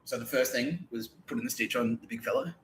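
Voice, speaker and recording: A man's voice: medium pitch, fast, fairly bright tone, a little hiss or hum, rough recording. A young adult man, hosting a podcast and telling a long comic story in a profane, meandering way, laughing between his lines. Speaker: podcast host.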